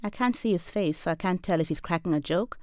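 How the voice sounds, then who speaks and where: A woman in her forties from Zambia reading a first-person literary story in a measured, deadpan, wry way. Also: on the low side, no room sound, clean studio sound. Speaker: professor and storyteller.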